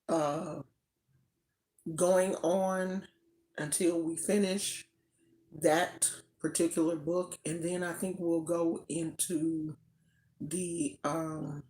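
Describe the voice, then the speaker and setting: A woman's voice: fairly low pitch, a little mellow. An older woman hosting a spiritual channel, chatting casually on a livestream in a rambling way. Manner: chatty, rambling, with fillers and restarts. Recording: roomy echo.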